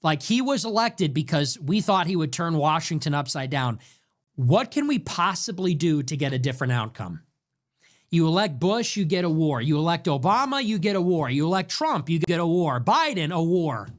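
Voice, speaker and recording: A young man hosting his own show, delivering an impassioned political commentary monologue full of rapid rhetorical questions. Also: on the high side, very animated. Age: young adult. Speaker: show host.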